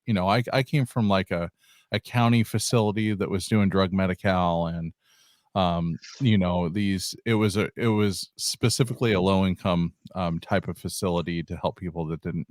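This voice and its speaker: A man with a very deep voice hosts a casual talk. He chats loosely with plenty of fillers. The sound is close and dry. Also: moderate pace, a little mellow, dry recording. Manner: conversational, many "like" and "you know" fillers. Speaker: host. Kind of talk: casual interview chat.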